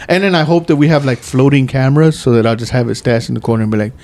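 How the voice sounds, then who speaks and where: A man in his thirties rambles through a casual podcast chat, swearing freely and cracking jokes. His voice sits at an ordinary middle pitch. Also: very fast, a little mellow. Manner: profane, rambling, jokey. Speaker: podcast host.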